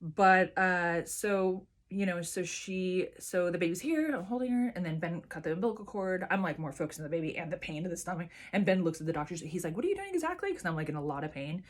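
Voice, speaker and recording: Woman, vlogger, low-pitched, casual storytelling, rambling, filler-heavy. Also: steady tone, a little fast, hardly any pauses. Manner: chatty, rambling, many fillers and restarts.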